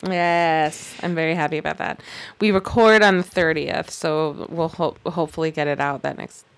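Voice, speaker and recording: A woman's voice: deep voice, steady tone, normal speed, creaky, clear, resonant tone. A woman co-hosting a podcast in casual chat, mostly giving short easygoing replies. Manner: brief back-channel replies, easygoing. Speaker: podcast co-host.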